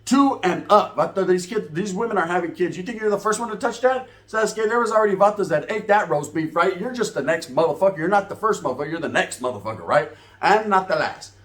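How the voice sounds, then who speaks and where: A man with a slightly high voice tells a comedic street story, full of slang and profanity. He leaps up and down in pitch as he acts out the events, talking loose and animated. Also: quick pace.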